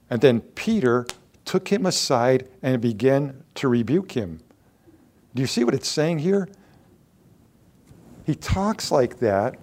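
Lively-voiced man preaching a sermon. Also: mid-range voice. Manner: conversational, rising to emphatic when quoting.

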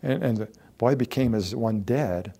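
Speaking a little slowly with vocal fry at a medium pitch, this pastor preaches with earnest conviction. He lowers his voice for soft asides, raises it for loud declarations, and repeats words to stress them.

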